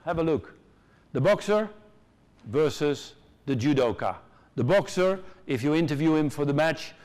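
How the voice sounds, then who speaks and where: A middle-aged man with a Dutch accent giving an animated, joking conference keynote in a large hall. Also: fairly high pitch. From Netherlands. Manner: animated, joking, acts out quoted voices. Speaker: conference speaker.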